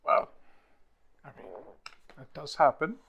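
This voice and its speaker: A man's voice: on the high side, very animated, slow, breathy edge, dull audio. A man playing a tabletop game, making playful, offhand remarks. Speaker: player.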